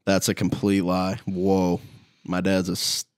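A man's voice: deep voice, completely flat delivery, measured pace, a little hiss or hum. A young man in laid-back casual chat with a friend, using slang and laughing often.

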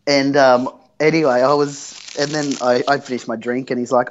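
A man's voice: mid-range voice, level tone, brisk, slight background noise. A young man telling a casual rambling story, acting out quoted lines of dialogue. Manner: rambling, acts out quoted dialogue, swears freely. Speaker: podcast co-host. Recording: dull lo-fi recording.

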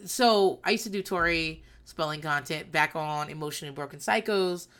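Brief: woman, 30s, solo podcast host, low-set but bright and forceful voice, profane and rambling. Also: normal speed. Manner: blunt, profane, rambling storytelling. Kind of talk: candid solo monologue.

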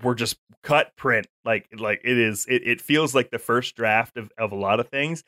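A man in a casual podcast chat, rambling on about a show with plenty of fillers and restarts. His voice sits at an ordinary pitch, recorded close and dry with no room sound. He talks with real enthusiasm. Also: moderate pace, sharp tone, no room sound. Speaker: podcast co-host.

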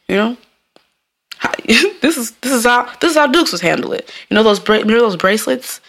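A woman's voice: a little high, expressive, moderate pace, gravelly, long pauses, a bit bright. A woman from Jamaica hosting her own podcast, talking in a rambling, casual way and laughing often. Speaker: podcast host. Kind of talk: casual solo podcast monologue.

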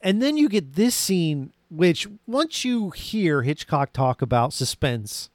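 Animated man chatting about a movie. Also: a little high, slow pace, dry recording, studio quality. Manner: animated, acts out lines from scenes. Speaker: podcast co-host. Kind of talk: casual movie discussion.

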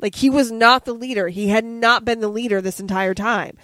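A woman's voice: a little high, steady tone, brisk, a bit bright, no echo. A woman chatting casually about a movie with a co-host, rambling with fillers and asides.

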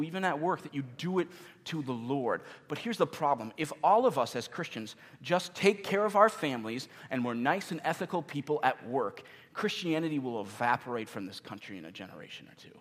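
A man preaching a sermon as pastor, earnest and emphatic, slowing down for key questions and hitting some words hard. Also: medium pitch. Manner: earnest, emphatic, with sudden loud stresses and slowed key questions. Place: church meeting in a gym. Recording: long reverb of a large gym.

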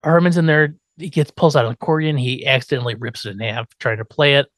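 A man's voice: medium pitch, fast, a bit bright, dry recording. A man hosting a podcast, telling an episode's story in a casual chat, acting out quotes and swearing now and then. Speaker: podcast host.

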